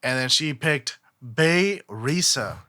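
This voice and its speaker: A man's voice: medium pitch, lively intonation, slow pace, pushed and bright, no room sound, clean studio sound. A man co-hosting a podcast, recapping a show in laid-back slang and acting out what people said. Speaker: podcast co-host. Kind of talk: casual podcast chat, recapping a show with voices.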